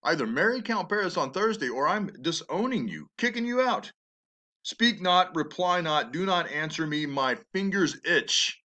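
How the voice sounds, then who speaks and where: A man's voice: fairly high pitch, animated, moderate pace, pitched above the performer's own voice. A man reading aloud as a furious, domineering old nobleman father who mocks and threatens his daughter. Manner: shouting, mocking, threatening.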